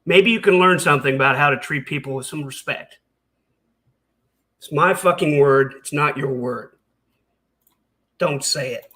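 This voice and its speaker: A man's voice: on the high side, moderate pace, pauses often, sharp tone. A man hosting a reaction commentary, ranting in a heated, sarcastic and profane way. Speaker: commentary channel host.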